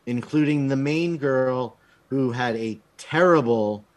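A man talks casually on a podcast, giving a blunt, profane film review. He hesitates often, filling gaps with ums, and his voice sits at an ordinary middle pitch. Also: slow pace.

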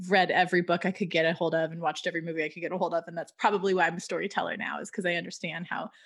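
A woman's voice: lowish voice, steady tone, very fast, slightly rough. A woman hosting a podcast interview, with English lightly shaped by a Spanish accent, speaking effusively and with enthusiasm. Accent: Spanish-influenced English. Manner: warm, effusive, enthusiastic praise. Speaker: podcast host. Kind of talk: casual interview chat.

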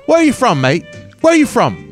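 A man's voice: very high voice, wildly swooping pitch, fairly quick, soft background music, voice pushed up, heavily acted. Man putting on a sneering Australian bloke. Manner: sneering, confrontational. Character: aggressive Australian man in a pickup truck.

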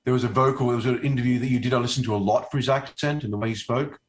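A man from Australia with an Australian accent, a guest actor talking in a casual interview, halting with many fillers and restarts. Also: medium pitch, fairly even intonation.

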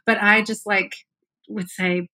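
A middle-aged woman from North Carolina with a Southern accent, telling animated stories with lots of laughter as a podcast guest. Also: medium pitch, takes it slowly. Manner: animated, laughs often, warm storytelling. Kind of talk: casual chat.

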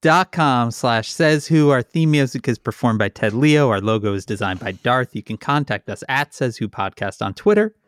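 A man's voice: mid-range voice, moderate pace, hardly any pauses, no room sound, studio quality. A man co-hosting a podcast from his home basement, running through the credits in a wry, easygoing way. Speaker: podcast co-host. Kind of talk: casual chat and show credits.

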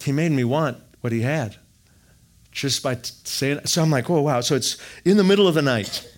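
A middle-aged man from Wisconsin telling his faith story in an animated, jokey storytelling manner. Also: mid-range voice, moderate pace. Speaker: speaker sharing testimony. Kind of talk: storytelling testimony talk.

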